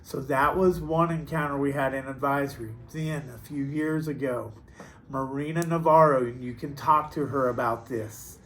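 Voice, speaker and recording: A man's voice: mid-range voice, steady tone, fairly bright tone, slight background noise. A man who teaches and coaches, telling ghost stories from his classroom in an easygoing, playful way. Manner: easygoing and playful, drawn-out pauses. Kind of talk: casual storytelling.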